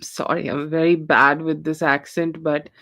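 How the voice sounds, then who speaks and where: A woman with a fairly low voice reads tarot cards on a live stream. Her talk is loose and rambling, and she keeps dropping in "okay" and "you know" as she goes. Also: little pitch movement, unhurried, fairly bright tone. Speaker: tarot reader.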